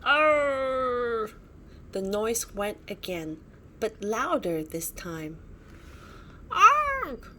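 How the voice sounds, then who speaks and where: A woman's voice: mid-range voice, slow, slight background noise. A woman reading a children's bedtime story aloud with expression and pointing out the pictures as she goes.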